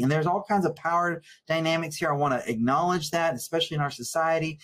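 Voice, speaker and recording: A man who is a therapist, teaching a live webinar in an earnest, animated way, sometimes getting worked up and repeating words. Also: on the high side, fast talker, few pauses. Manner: reads viewer comments aloud.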